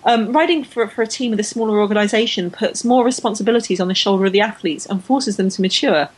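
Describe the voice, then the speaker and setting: A woman's voice: medium pitch, quick pace, a little hiss or hum, low-quality recording. A woman co-hosting a casual podcast chat, enthusiastic and full of fillers and restarts. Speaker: podcast co-host. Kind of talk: casual chat about women's cycling.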